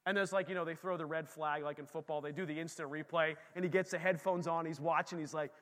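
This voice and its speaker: Bright-voiced man preaching in an echoey hall. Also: on the high side, quick pace. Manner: lively, conversational preaching, talking straight to the congregation. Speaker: pastor. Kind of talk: sermon. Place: church.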